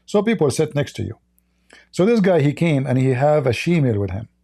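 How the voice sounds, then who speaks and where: Man, mellow voice. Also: on the high side, sing-song, brisk, gravelly. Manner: rambling anecdotes with frequent fillers and laughter. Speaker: livestream host. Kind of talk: casual storytelling on a livestream.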